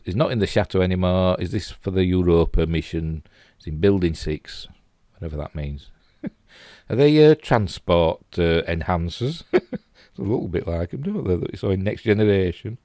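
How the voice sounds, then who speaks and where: Deep-voiced yorkshire man, rambling commentary, chuckling asides, dry close sound. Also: expressive, moderate pace, dark tone, no echo. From England. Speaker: host. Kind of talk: casual commentary on stills.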